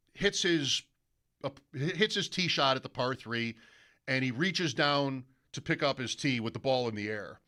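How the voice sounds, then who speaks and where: Bright-voiced man telling stories on radio. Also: mid-range voice. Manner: storytelling, animated, mimics broadcaster calls. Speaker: sports radio host. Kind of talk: casual radio chat.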